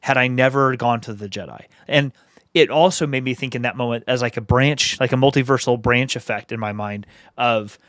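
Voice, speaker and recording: A man's voice: mid-range voice, a little fast, fairly bright tone, no room sound, clean studio sound. A man co-hosting a casual review podcast, talking things through in a thoughtful, reflective way. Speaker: podcast co-host.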